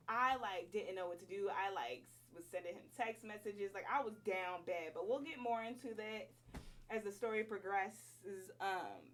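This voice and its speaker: A woman's voice: mid-range voice, fairly bright tone, far from the mic. A woman in her twenties telling a personal story at home, casual, slangy and emphatic. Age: 20s. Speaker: vlogger.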